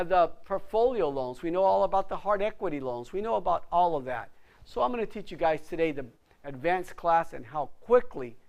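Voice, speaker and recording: A man who is a real estate broker, giving an instructional class to agents in an emphatic, motivational way and repeating words for stress. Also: fairly high pitch. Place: office classroom.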